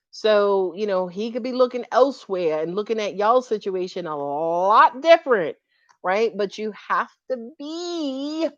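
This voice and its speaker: A chatty, frank woman reads tarot for her viewers in a playful, loose way, swearing freely as she goes. Her voice sits at a middle pitch. The sound is slightly dull and lo-fi, and very dry. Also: no echo. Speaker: tarot reader. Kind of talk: casual tarot reading to viewers.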